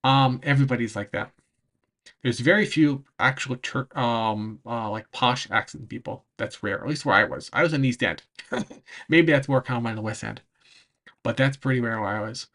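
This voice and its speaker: A man chatting casually on a livestream, answering chat, rambling and often pausing to search for words, with frequent laughs. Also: medium pitch, fairly bright tone. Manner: laughs between phrases. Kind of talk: casual livestream chat over travel footage.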